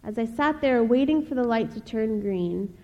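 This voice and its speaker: A young woman from Ohio giving a personal testimony speech, telling her story in an earnest, measured way with pauses. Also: fairly high pitch, expressive, dull audio. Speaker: speaker. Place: chapel. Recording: long reverb of a large hall.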